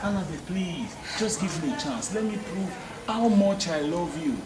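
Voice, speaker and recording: A man's voice: sits high, animated, moderate pace, reverberant, recorded from a distance, noisy background. An actor with a Nigerian Pidgin accent playing a lovestruck male neighbor who rambles and pleads desperately. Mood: pleading. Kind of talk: comedy film acting. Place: outdoor residential compound.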